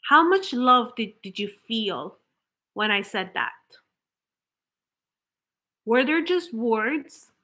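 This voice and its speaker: A woman delivers an earnest motivational talk straight to camera. Her voice sits a little high and rings bright. She works through her ideas with rhetorical questions and small restarts. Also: slow, long pauses. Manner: acts out flat, hollow example affirmations. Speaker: manifestation coach.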